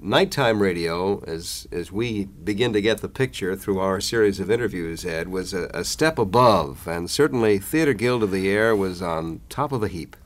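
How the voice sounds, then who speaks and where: Low-voiced man hosting an interview. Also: normal speed, hardly any pauses. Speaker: radio interviewer, host.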